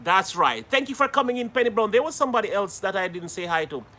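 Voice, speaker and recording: A man's voice: high-pitched, very animated, quick pace, bright, forceful tone. A man from Jamaica hosting a live stream, chatting casually and greeting viewers by name, laughing often.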